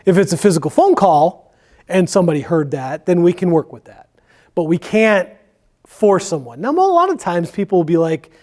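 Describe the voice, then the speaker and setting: A man's voice: high voice, very animated, moderate pace, a little mellow. A man who works as a firefighter, talking candidly about his job in a church Q&A, rambling with many fillers. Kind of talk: conversational Q&A in church.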